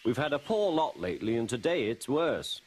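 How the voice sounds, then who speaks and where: A man's voice: medium pitch, very animated, moderate pace, a little hiss or hum, pitched above the performer's own voice, lightly acted. A man voicing a male engine fireman who complains in an earnest way. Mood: complaining.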